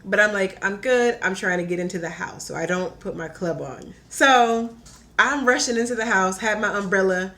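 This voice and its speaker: A young woman telling a personal story in casual chat, animated and full of "like", acting out her own quotes. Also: medium pitch, normal speed. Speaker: podcast guest.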